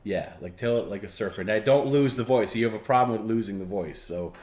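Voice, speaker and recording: A man's voice: on the low side, fairly quick, a little mellow, echoey room, a little hiss or hum. A man hosting a live stream, patiently explaining the rules of a challenge in a casual way. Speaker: stream host.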